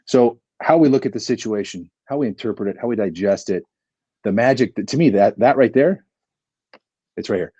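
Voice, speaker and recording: A man in his forties, a podcast guest, telling an animated story with plenty of energy and acting out the dialogue. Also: lowish voice, fairly quick, husky, no echo, highs cut off.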